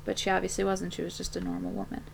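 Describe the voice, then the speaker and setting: A woman's voice: on the low side, sing-song, rapid-fire, gravelly, slight background noise. A woman co-hosting a casual movie review chat, blunt and teasing with a sarcastic edge. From Philadelphia. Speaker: podcast co-host.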